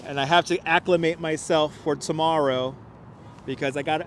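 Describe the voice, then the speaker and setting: A man's voice: on the high side, fairly even intonation, a little slow, a little hiss or hum. Chatty man livestreaming outdoors in the cold. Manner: chatty, laughing often, reading viewer comments aloud. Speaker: livestream host and tour guide. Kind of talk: casual walking livestream chat. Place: outdoors in a city park at sunset, cold. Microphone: wireless clip-on mic.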